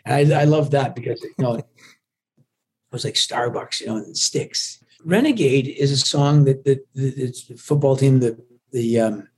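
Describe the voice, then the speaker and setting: A man's voice: medium pitch, normal speed, darkish tone, breathy edge. A man chatting as a guest in a friendly interview over the phone, often restarting his sentences. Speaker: musician guest. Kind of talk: casual phone interview chat. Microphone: phone call.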